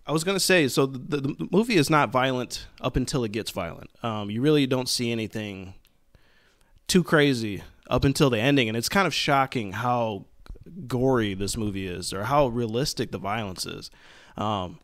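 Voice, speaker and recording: A man's voice: mid-range voice, moderate pace, fairly bright tone. A young man co-hosting a podcast, talking casually, laughing often and cursing freely. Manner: laughs often, many restarts, loose and profane. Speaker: podcast co-host. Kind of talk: casual chat.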